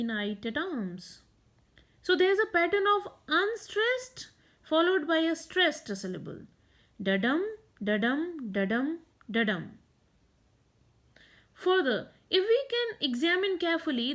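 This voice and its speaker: A woman giving a literature lesson, explaining a poem in a measured way and reading verses aloud. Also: sits high, fairly bright tone. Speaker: literature teacher. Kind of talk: poetry lecture.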